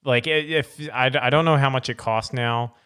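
A man's voice: medium pitch, normal speed, a bit bright, clear, resonant tone. A man co-hosting a gaming podcast in casual chat, rambling with lots of fillers and laughs. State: out of breath. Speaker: podcast co-host.

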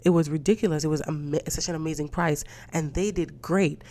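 Low-voiced, foul-mouthed New woman. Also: fairly even intonation, a little fast, mellow. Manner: profane, indignant, storytelling with quoted voices. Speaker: podcast host. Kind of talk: casual solo rant.

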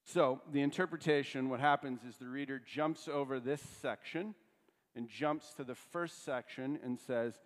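A pastor preaching in a relaxed, conversational way and checking in with his listeners through rhetorical questions. His voice carries a long reverb, as if it fills a large church hall. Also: mid-range voice, moderate pace. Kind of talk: sermon.

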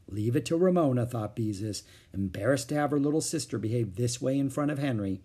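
A man reading a children's chapter book aloud in an expressive, animated way. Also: mid-range voice, brisk, few pauses, husky. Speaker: storyteller.

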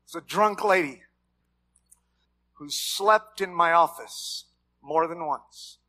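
A man preaching a sermon as pastor, animated, with shouted peaks and dry humor. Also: fairly high pitch, takes it slowly. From Mexican heritage, raised among white Americans.

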